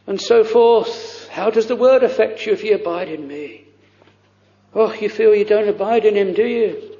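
A man preaching a fervent, pleading sermon, full of drawn-out exclamations and quoted prayers. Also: high voice, dark tone. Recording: lo-fi recording in a reverberant church.

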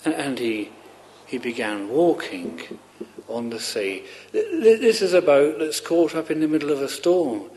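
A warm-toned man with a slightly high voice and lively intonation preaches in an earnest, faltering manner. He frequently repeats words when restarting, and his pleading questions rise with fervor.

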